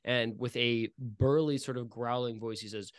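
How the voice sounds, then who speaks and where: A man's voice: medium pitch, steady tone, normal speed, smooth, no echo, studio quality. A man running a tabletop game as game master, setting scenes vividly and playfully, with frequent fillers.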